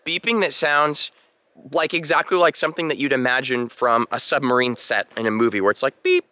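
Young male vlogger, animated storyteller, bright tone, dry mic. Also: mid-range voice, fairly quick, clean tone, dry recording. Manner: animated, imitates beeping sounds. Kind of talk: casual storytelling to camera.

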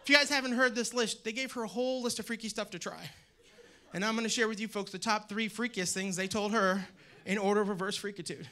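Man from maine, stand-up comic, very high voice, loud ranting delivery, stage mic. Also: quick pace. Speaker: stand-up comedian. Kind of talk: stand-up comedy set. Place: theater stage with live audience.

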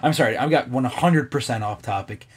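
A man's voice: medium pitch, fairly quick, a little hiss or hum. A man giving casual gameplay commentary, rambling off topic, swearing now and then and laughing often. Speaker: let's play gamer.

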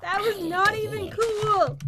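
A woman gamer chatting casually and excitedly while playing, often squealing and giggling. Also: very high-pitched, takes it slowly. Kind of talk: casual gameplay chat.

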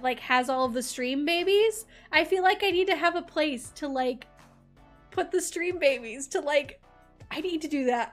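A woman streaming a game, chatting in a bubbly, giggly way and reading the game text aloud. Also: high voice. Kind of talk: casual let's-play chat with chat.

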